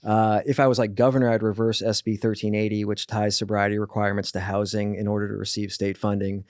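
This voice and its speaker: A man talking as a podcast guest, telling blunt, animated stories with lots of fillers and restarts. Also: on the low side, fast, no echo, clean studio sound. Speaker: guest, author. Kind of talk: casual podcast conversation.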